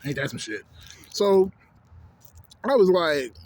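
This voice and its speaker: Slow and a little mellow, the high voice of a Canadian vlogger in his twenties rises and falls in big pitch swings. He's on a casual rant, rambling and cursing, with plenty of "you know what I'm saying" thrown in.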